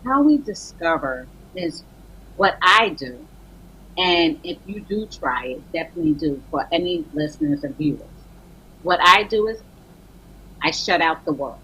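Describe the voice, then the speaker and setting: A woman author guest on a morning TV show, telling faith stories in a lively way and acting out her talks with God. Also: deep voice, measured pace, muffled recording, a little hiss or hum. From Barbados. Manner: lively storytelling, acts out dialogues with God, exclamations. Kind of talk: animated faith talk on morning TV. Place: TV studio.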